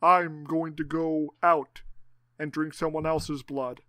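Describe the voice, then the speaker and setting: A man's voice: fairly high pitch, animated, unhurried, bright, forceful tone, dry recording. A man putting on a campy Dracula vampire voice with a mock Eastern European accent. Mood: campy menace. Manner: over-the-top, campy.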